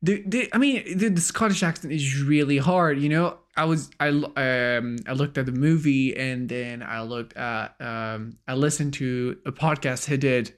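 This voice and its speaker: A man's voice: mid-range voice, moderate pace, few pauses. A man with a French accent, a native French speaker, co-hosting a podcast in a casual way with many fillers. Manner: casual, lots of fillers like "like" and "you know". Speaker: podcast co-host.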